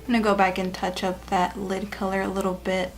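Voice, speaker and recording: A woman's voice: mid-range voice, little pitch movement, a little fast, soft background music. A woman beauty vlogger talking viewers through a makeup tutorial in a chatty, upbeat way. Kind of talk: casual makeup tutorial narration.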